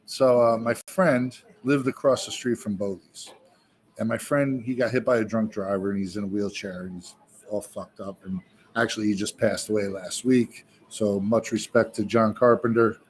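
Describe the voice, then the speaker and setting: A musician guest at an indoor bar tells a long, energetic, profanity-laced story, doing the voices of the people in it. His voice is on the low side, with a steady tone and normal speed, and there's a slight hiss or hum.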